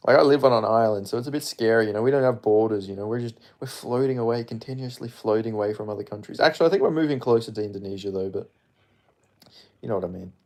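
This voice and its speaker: A man's voice: on the low side, fast talker, a little mellow. A man from Perth with an Australian accent, chatting casually on a live stream, rambling, joking and swearing as he reads chat. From Perth, Western Australia. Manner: rambling, jokey, swears freely, mumbles asides.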